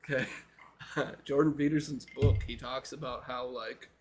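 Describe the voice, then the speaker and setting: A man's voice: medium pitch, steady tone, normal speed, darkish tone, a little hiss or hum. A young man from Minnesota co-hosting a podcast, chatting casually in an easygoing way and laughing readily. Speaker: podcast co-host. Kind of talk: casual chat.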